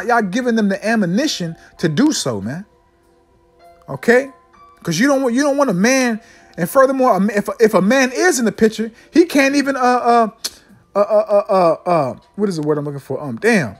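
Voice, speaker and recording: High-voiced preacher ending lines with "man". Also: sing-song, faint music behind. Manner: tacks "man" onto nearly every line; slows down to read scripture solemnly. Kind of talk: fiery street-style sermon with scripture readings.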